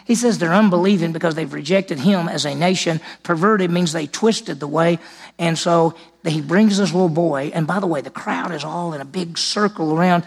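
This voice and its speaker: A man's voice: on the high side, moderate pace, gravelly. A man preaching a sermon in church, retelling a scripture story and acting out its dialogue. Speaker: pastor.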